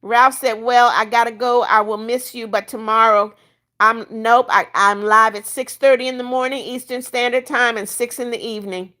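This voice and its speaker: A woman's voice: fairly high pitch, fairly even intonation, moderate pace, sharp tone. An older woman hosting a casual livestream, reading viewer comments aloud and bluntly kicking out troublemakers. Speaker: livestream host reading chat.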